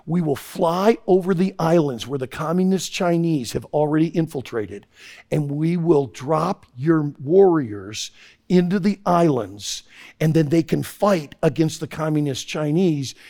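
A man acting out an earnest military commander who pleads and explains in a rush. His gravelly voice climbs and dips a lot. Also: on the high side, expressive, a little slow, warm tone. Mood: pleading.

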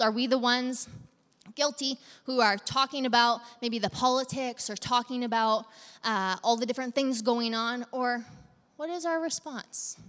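A woman delivers a sermon in a fairly high voice and a chatty, direct way, putting questions to her listeners. Her voice rings out with a long reverb tail, as in a large hall. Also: fairly bright tone. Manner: conversational, engaging congregation with direct questions. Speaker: pastor.

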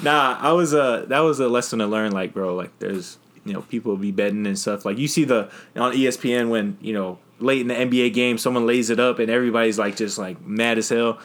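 A young man in casual podcast chat as a guest, talking in a relaxed way with plenty of fillers. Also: medium pitch, a little fast, hardly any pauses. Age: young adult. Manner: laid-back, many fillers, laughs often. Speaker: podcast guest, basketball player.

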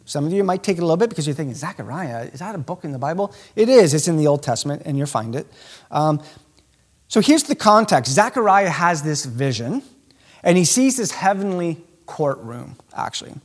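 A male pastor preaching a sermon in an animated, emphatic way, speeding up and slowing down to stress his points. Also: fairly high pitch. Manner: animated, emphatic preaching with sudden shifts in pace.

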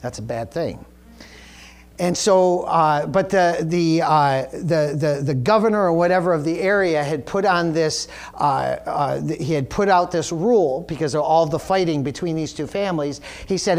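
A man preaching a sermon as pastor, retelling a story loosely with many fillers and restarts, then rising higher and louder as he drives his point home. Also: normal speed.

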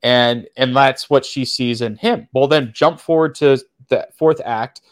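A man's voice: mid-range voice, a little slow. Man retelling a movie plot, rambling. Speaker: podcast co-host. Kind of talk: casual movie review chat.

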